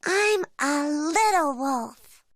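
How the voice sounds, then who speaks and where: A woman voicing a small, playful boy bear cub in a slow, childlike voice for a cartoon. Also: high voice, lively intonation, dry recording, studio quality, pitched above the performer's own voice, full character voice.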